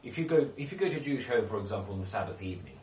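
Deep-voiced man teaching a Bible study. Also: very animated, very fast, darkish tone, a little hiss or hum. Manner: explains with questions to the group, many restarts. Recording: echoey room, speaker far from mic.

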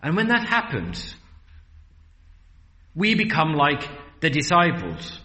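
A man preaching a sermon in an earnest, rhetorical way, slowing down and speeding up for emphasis. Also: on the high side, wildly swooping pitch, pushed and bright, roomy sound, slight background noise.

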